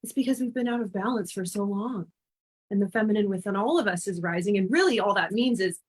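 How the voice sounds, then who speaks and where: A woman's voice: mid-range voice, quick pace, husky. A woman in her thirties from Canada, a life and business mentor speaking as a guest in a podcast interview, earnest and heartfelt.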